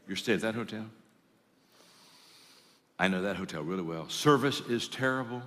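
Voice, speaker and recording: A man's voice: lowish voice, expressive, normal speed, fairly bright tone, in a large hall, voice pushed down. A man doing a gloomy naysaying barber. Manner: doom-laden, scoffing, stammering repeats. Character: gloomy naysaying male barber, negative and know-it-all.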